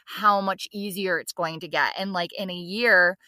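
Woman podcast co-host, bright and animated storyteller, close dry recording. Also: on the low side, normal speed, no room sound. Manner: animated storytelling, acts out quoted lines, swears casually. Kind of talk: casual chat.

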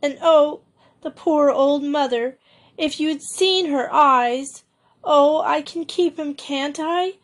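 A tearful young schoolgirl pleads and sobs in a noticeably raised voice, as a woman reads her out. The girl is excitable and close to crying, a figure from a storybook. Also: high voice, slow, few pauses, pitched above the performer's own voice. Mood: sobbing. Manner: sobbing, pleading.

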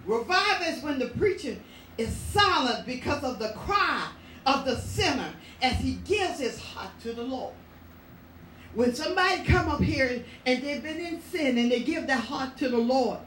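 A woman's voice: fairly high pitch, fairly bright tone, slight background noise. A woman preaching a sermon in church, with an emphatic, repetitive preaching cadence. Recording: echoey room, voice from far off.

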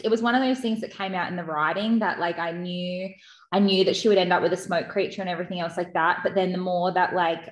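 A woman's voice: lowish voice, roomy sound. A woman author chatting casually about her book, rambling with lots of fillers and laughing often. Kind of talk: casual podcast chat.

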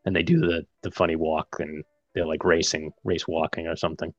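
A man's voice: extremely low pitch, a little fast, no echo, muffled recording. A man co-hosting a podcast, casually recapping a film scene by scene and acting out the characters' lines as he goes. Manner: animated retelling with quoted dialogue. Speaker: podcast co-host.

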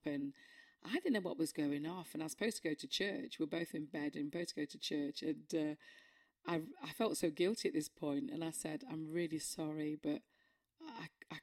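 A woman sharing a personal faith testimony, earnest and emotional, halting with many fillers and restarts. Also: sits low.

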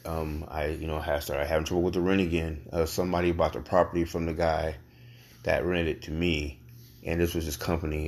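A man hosting a podcast, telling his own story in a casual, halting way with frequent pauses and restarts. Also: very deep voice, a little mellow. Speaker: podcast host.

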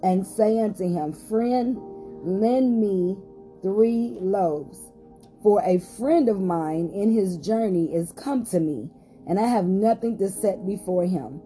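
A woman's voice: mid-range voice, slow pace, mellow, soft background music. A woman pastor hosting a short podcast Bible study, reading scripture aloud with rising emphasis and some hesitant fillers.

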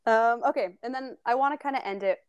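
Young woman podcaster, giggly and jokey, highish voice, dry close sound. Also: clear, resonant tone, no room sound, dull audio. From Southwest United States. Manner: giggly, playful, quick to joke. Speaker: podcast co-host. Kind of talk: casual chat.

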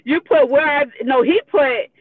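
High-voiced woman on a tinny phone line. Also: unhurried, crowd noise. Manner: blunt, profane, laughing between readings. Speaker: guest. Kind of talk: reading out messages on a live call.

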